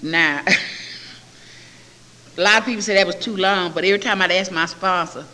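An older woman giving a personal testimony at a recovery meeting, telling her story in a lively, animated way. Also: on the low side, a little slow. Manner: storytelling, quotes others in lively voices. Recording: echoey hall with faint hiss.

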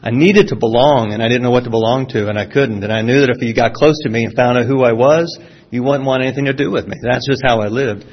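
A man's voice: mid-range voice, fast talker. A middle-aged man from Florida with a Southern accent, giving a personal testimony talk to a live audience in a folksy, self-deprecating way. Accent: Southern American. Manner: folksy storytelling with self-deprecating humor, frequent restarts. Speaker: speaker sharing a recovery testimony. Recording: dull lo-fi sound.

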